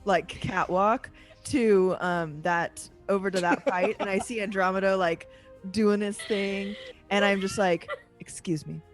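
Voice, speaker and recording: A young woman playing a tabletop game, casual and playful with hesitant pauses. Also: medium pitch, fairly even intonation, faint music behind. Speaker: player. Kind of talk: tabletop role-play.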